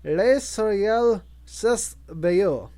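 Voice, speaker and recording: A man's voice: high-pitched, lively intonation, very slow, warm tone, heavily acted. A man voicing a chatty male grey parrot who mimics lines from films and other voices. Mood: chanting.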